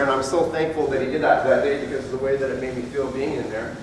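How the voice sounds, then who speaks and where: A man's voice: on the high side, steady tone, a little fast, hardly any pauses, slight background noise. Man's candid talk in an echoey hall. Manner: candid storytelling, acts out quoted people. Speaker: police officer giving a talk. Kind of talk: personal testimony to an audience. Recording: echoey hall, speaker far from mic, faint ambience.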